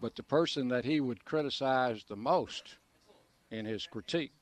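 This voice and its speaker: A man's voice: medium pitch, normal speed, dry recording. Older man, veteran play-by-play voice, easygoing anecdotes, radio interview guest outdoors. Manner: easygoing storyteller, frequent uh fillers and restarts, chuckles. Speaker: longtime sports play-by-play broadcaster, guest. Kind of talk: relaxed reminiscing radio interview. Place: restaurant patio outdoors.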